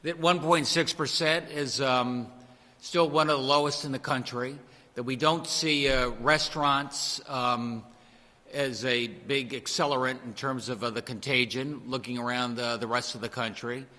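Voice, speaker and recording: Man, governor, briefing answers, bright tone, echoing hall, measured, many ums. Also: mid-range voice, fairly even intonation. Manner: measured, filler-heavy replies.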